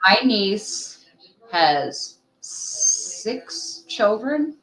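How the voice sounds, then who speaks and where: A woman's voice: mid-range voice, sing-song, very slow, a bit bright, echoey room, rough recording. A woman chatting casually on a livestream at home, talking through earbuds, laughing and scolding a playful puppy. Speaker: livestream co-host.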